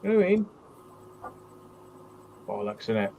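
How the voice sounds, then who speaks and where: A man's voice: fairly low pitch, very animated, moderate pace, vocal fry, narrow, tinny audio, slight background noise. A man hosting a casual live-stream chat. He tells stories bluntly and swears a lot. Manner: blunt storyteller with heavy swearing. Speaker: channel host.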